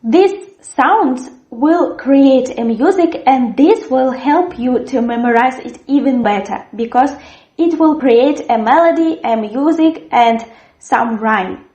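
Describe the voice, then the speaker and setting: A woman teaching a language lesson, articulating words clearly and repeating them for learners. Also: high voice, slow, mellow, roomy sound, dull audio. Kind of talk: slow, careful language lesson.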